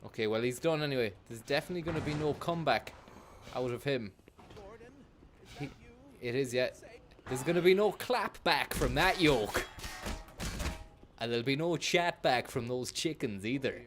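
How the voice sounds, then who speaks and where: A man giving sweary, joking live commentary while playing a game, now and then bursting into loud shouts. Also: medium pitch, animated, normal speed, long pauses. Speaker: gaming streamer.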